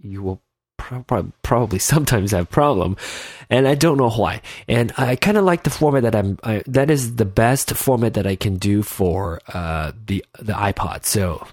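A man's voice: fairly low pitch, animated, moderate pace, a little mellow, no echo, studio quality. A man hosting his own podcast in casual solo talk, his nose stuffed up, rambling and often losing his train of thought. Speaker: podcast host. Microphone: in-ear headphones with mic.

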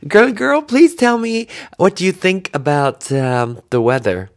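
A man voicing a chirpy street reporter in a high, squeaky put-on voice, speaking into a handheld recorder. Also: sing-song, a little slow, full character voice.

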